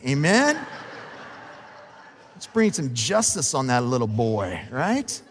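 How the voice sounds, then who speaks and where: A man's voice: high voice, big pitch swings, takes it slowly, pauses often, slight background noise. Pastor man preaching in a reverberant hall. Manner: conversational, self-deprecating, laughs often. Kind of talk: sermon. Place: church sanctuary.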